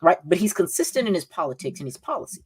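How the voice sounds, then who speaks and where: A man's voice: high voice, very animated, fast talker, slightly rough. A man with a Southern accent hosting a political livestream podcast, combative and repeating "right?" again and again. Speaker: podcast host.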